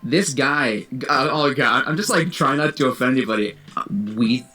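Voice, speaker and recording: A young man telling an animated, giggly story in casual chat with a friend. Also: mid-range voice, normal speed.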